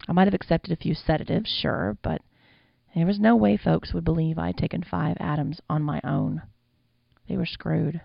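A woman's voice: low-pitched, normal speed, vocal fry, no echo, lo-fi sound. A woman reading an audiobook with wry, conversational storytelling. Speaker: audiobook narrator. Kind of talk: audiobook narration.

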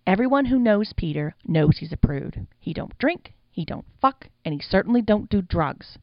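A woman's voice: mid-range voice, expressive, normal speed, no echo, highs cut off, lightly acted. A woman voicing a young man who is a bossy, threatening bully.

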